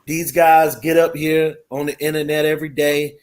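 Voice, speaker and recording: Middle-aged man, earnest and repetitive in a loose discussion, voice sitting a little high. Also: monotone, moderate pace, a little mellow. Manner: earnest, repeats himself, sprinkles "man" and "you know". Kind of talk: casual talk show discussion.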